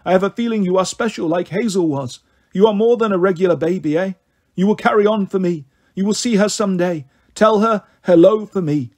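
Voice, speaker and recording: A man's voice: sits high, a little fast, a little mellow. A man doing a dreamy old great-grandfather. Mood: tender. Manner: dreamy, rambling, tender. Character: gentle elderly man, great-grandfather in his seventies.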